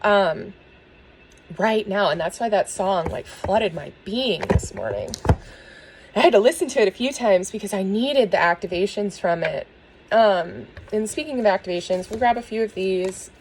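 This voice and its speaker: A woman giving a spiritual tarot reading and talking earnestly to her viewers, soft and emotional, with small laughs. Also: mid-range voice, a little hiss or hum, poor audio. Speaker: tarot reader.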